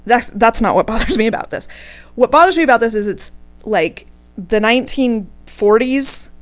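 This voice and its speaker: A woman hosting a podcast, retelling a story in a casual, animated way, indignant and swearing freely. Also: fairly high pitch, normal speed. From United States.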